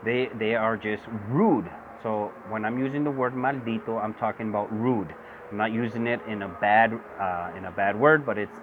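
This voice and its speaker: Impassioned man on a tinny phone recording. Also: fairly low pitch. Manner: impassioned, repetitive, switches between English and Spanish. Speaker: vlogger. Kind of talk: political monologue. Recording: tinny phone-quality audio with buzzing insect noise.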